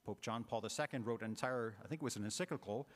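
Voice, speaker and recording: A man's voice: medium pitch, fast. A man preaching a homily as a priest, talking in a conversational way with fillers and asides. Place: large church. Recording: long church reverb.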